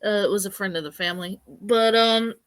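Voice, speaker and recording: A woman's voice: medium pitch, brisk, dry recording. A woman telling a funny story in a casual podcast panel, laughing often.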